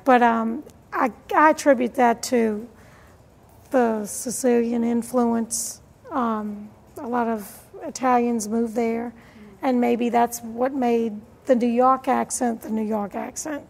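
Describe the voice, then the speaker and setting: A woman explains her ideas thoughtfully. She speaks slowly, and her voice has some fry. A long reverb hangs in the room, with faint ambience behind her. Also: on the high side, steady tone, slight background noise. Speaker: interviewee. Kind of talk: casual conversation.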